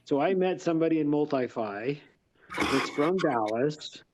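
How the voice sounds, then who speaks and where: A man's voice: on the high side, animated, measured pace, background noise. A man in his fifties on a video call, chatting casually and rambling through long easygoing stories. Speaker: real estate investor and contractor on an accountability call. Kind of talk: casual chat. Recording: dull lo-fi video call audio.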